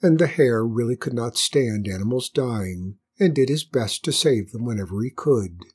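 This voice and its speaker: Lively, husky woman reading a storybook. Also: extremely low pitch, normal speed. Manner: gentle, wry asides. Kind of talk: storybook narration.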